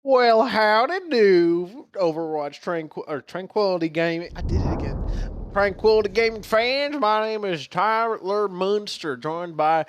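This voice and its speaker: A man's voice: high voice, animated, a little slow, clean tone, no echo, voice pushed up. A man hosting a livestream, putting on a hammy folksy drawl to welcome viewers. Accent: put-on folksy drawl. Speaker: host.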